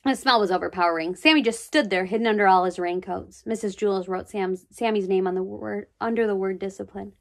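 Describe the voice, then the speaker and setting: A woman reading a children's book aloud, expressive, with chatty asides. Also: mid-range voice, brisk, creaky, hardly any pauses. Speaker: storybook reader.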